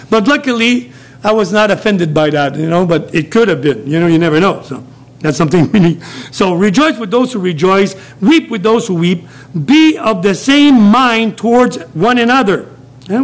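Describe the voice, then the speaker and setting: A middle-aged man with a Quebec French accent preaching an informal sermon in a small café. He rambles with restarts and chuckles often. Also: high-pitched. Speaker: lay preacher.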